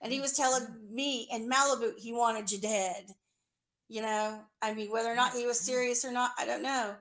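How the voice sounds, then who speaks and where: Woman, high voice, angry accusatory rant, profane, sarcastic. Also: steady tone, normal speed, a bit bright.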